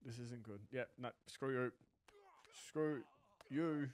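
A man commentating his own wrestling video game match. He is excitable, swears, and shouts at the game. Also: medium pitch, takes it slowly, a little hiss or hum. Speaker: gaming channel host. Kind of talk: live gameplay commentary.

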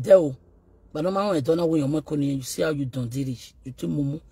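A Nigerian man with a rough voice, ranting and taunting as he addresses a rival directly, slipping between pidgin and Yoruba. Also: medium pitch, fairly quick, dark tone, no room sound. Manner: scolding, taunting, code-switching into Yoruba. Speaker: online video host.

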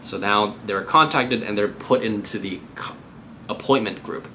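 Man, real estate agent, casual upbeat tutorial, bright clear voice. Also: lowish voice, normal speed, slight background noise. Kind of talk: cold-call tutorial with live calls.

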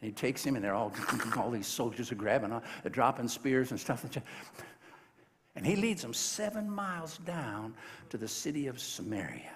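A man's voice: mid-range voice, lively intonation, normal speed, big-room sound. A man preaching a sermon, telling a Bible story in a folksy, joking way and acting out the voices. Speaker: pastor. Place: large church sanctuary.

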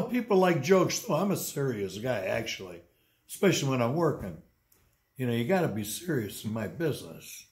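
Blunt storytelling man in his eighties. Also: medium pitch. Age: 80s. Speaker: interviewee and tour guide. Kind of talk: casual storytelling. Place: indoors at home.

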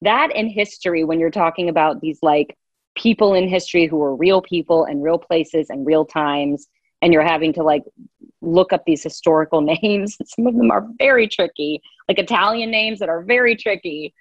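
A woman's voice: fairly low pitch, normal speed, no echo. A woman audiobook narrator chatting as an interview guest, talkative and laughing easily. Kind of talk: casual interview chat. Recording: dull, dry sound.

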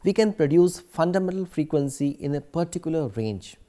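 A man's voice: on the high side, animated, brisk, dark tone. A man giving a recorded academic lecture, explaining steadily with occasional fillers.

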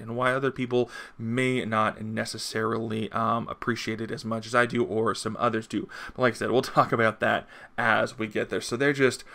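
Male comic reviewer, casual and rambling, gravelly and bright. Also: on the low side. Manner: rambling, enthusiastic, full of fillers.

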